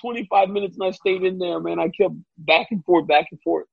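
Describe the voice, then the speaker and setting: A man from Louisiana co-hosting a casual talk show, telling animated stories and laughing often. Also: high voice, fairly quick, vocal fry, slightly rough, dry recording. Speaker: co-host and fight analyst. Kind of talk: casual chat. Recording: dull, lo-fi, dry sound.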